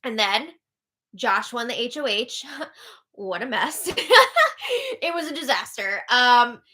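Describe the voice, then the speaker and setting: A woman's voice: on the high side, pushed and bright. A young woman hosting a casual live update show, chatty and tired, laughing often as she recaps. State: tired, yawning. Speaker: host.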